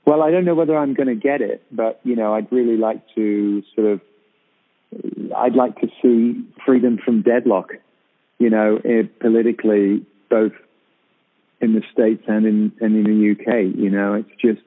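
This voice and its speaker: A man chatting on a radio show from abroad, talking haltingly with many fillers and restarts. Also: fairly low pitch, steady tone. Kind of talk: casual radio chat. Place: abroad in Britain, calling in. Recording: tinny phone-line sound on radio.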